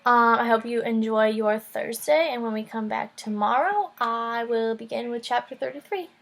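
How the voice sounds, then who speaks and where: A woman teacher reading a children's chapter book aloud in a calm, clear storytelling manner. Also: a little high, moderate pace.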